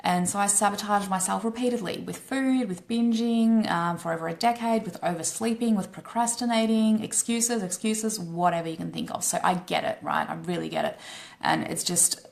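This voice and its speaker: An Australian woman talks straight to her viewers, a coach pitching her program in a loose, live-stream way. Her voice sits low with a strong gravelly fry, and she peppers her talk with swearing and a steady "right?". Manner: blunt and swearing, frequent "right?" tags.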